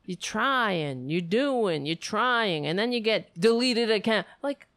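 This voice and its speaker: A woman closes out her livestream with casual, affectionate venting and rambling aimed at her viewers. She has a mid-range, slightly bright voice, animated yet slow. The audio carries no echo.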